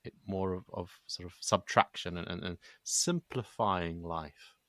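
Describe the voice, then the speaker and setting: A man's voice: deep voice, measured pace, a bit bright, dry recording, studio quality. A man hosting a podcast interview, speaking thoughtfully and hesitantly, often restarting his sentences. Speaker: podcast host.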